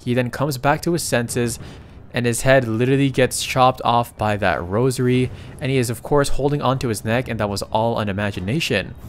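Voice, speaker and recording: A man narrating a comic recap in a casual, excitable way, often breaking into exclamations. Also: mid-range voice, moderate pace, slight background noise.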